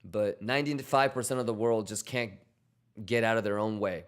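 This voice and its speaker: A man's voice: fairly low pitch, normal speed, clear, resonant tone. Blunt, profane man hosting a trading livestream. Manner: blunt, profane, motivational, reads chat aloud. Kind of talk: casual livestream chat.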